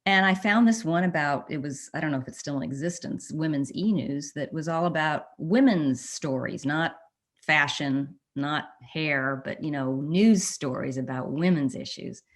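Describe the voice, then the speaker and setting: Brief: woman panelist, low voice, lively and laughing, gives career advice. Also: normal speed. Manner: animated, laughs easily. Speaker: editorial cartoonist. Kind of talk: panel discussion.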